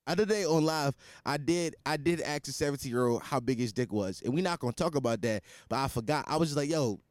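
Young man rambling on his podcast, lively up-and-down pitch, crude slangy jokes, close dry sound. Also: quick pace, no echo. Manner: rambling, restarts and repeats himself, crude joking; swears freely, slangy and blunt. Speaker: podcast host. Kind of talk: casual solo podcast monologue.

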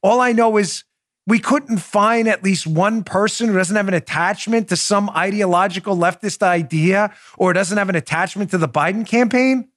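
A man's voice: sits high, a bit bright, dry recording, studio quality. A man hosting a political commentary podcast, talking emphatically and with indignation, addressing his listeners directly. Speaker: podcast host.

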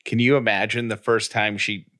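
A man's voice: lowish voice, flat delivery, moderate pace, sharp tone. A man co-hosting a podcast, talking in a teasing, matter-of-fact way in casual chat. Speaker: podcast co-host.

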